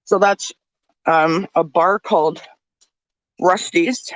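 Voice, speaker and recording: A woman's voice: fairly low pitch, fairly even intonation, slow pace, dry recording, rough recording. Breathless woman vlogging outdoors. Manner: breathless, chatty, talks to viewers as friends. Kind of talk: walking vlog. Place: outdoors at a snowy ski resort village. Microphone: handheld phone.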